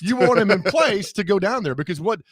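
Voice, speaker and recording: A man co-hosting a sports radio show, bantering and joking in a casual, animated way. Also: high-pitched, fairly quick, slightly rough, dry recording, studio quality.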